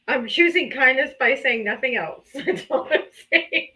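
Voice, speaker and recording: A woman's voice: sits high, lively intonation, takes it slowly, bright, forceful tone, poor audio. A woman hosting a live political debate stream, teasing her callers and laughing often. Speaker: livestream debate host. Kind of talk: casual livestream talk. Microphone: streaming setup.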